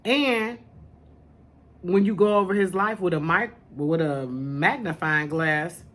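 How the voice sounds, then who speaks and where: A woman talks slowly and deliberately, drawing out her words as she hosts a spiritual podcast. Her tone is sassy and familiar, and she calls her listeners honey and baby in a casual chat to camera. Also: lowish voice, a bit bright. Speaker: podcast host, spiritual teacher.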